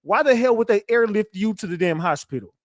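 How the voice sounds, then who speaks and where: A man with a high voice hosts a live stream and reacts to a clip with open disbelief. He swears freely and keeps asking the chat what it thinks. His voice sounds dry and close. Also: expressive, fairly quick, no echo.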